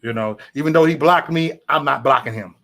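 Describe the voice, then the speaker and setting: A man's medium-pitched voice, creaky and fairly bright, comes a little fast as he hosts a livestream. He's heatedly ranting at chat in a casual way, with lots of profanity and repetition.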